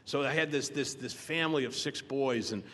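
An older man speaking at a recovery meeting, telling his own story in a halting, joking way. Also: medium pitch, pushed and bright. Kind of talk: personal recovery testimony. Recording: echoey hall, faint room noise.

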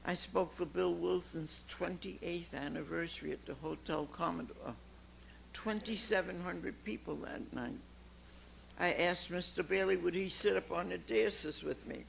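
Gravelly-voiced woman in her nineties. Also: lowish voice, measured pace, slight background noise. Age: 90s. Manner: emphatic, swings from quiet to loud exclamations. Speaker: recovery meeting speaker. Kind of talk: personal testimony to a meeting.

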